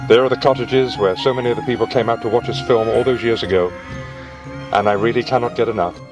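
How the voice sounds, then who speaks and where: A man's voice: medium pitch, steady tone, fast talker, highs cut off. A man in his sixties giving an enthusiastic, sentimental guided video tour outdoors in a village churchyard. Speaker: actor giving a location tour. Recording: distant mic with music behind.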